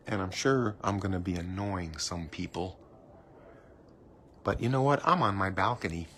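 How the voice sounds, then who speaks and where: A man's voice: low voice, normal speed, pauses often, fairly bright tone, slight background noise. A man live streaming from his cruise ship balcony on a handheld phone, chatting playfully and teasing himself while he narrates what he sees. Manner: chatty, playful, self-mocking banter.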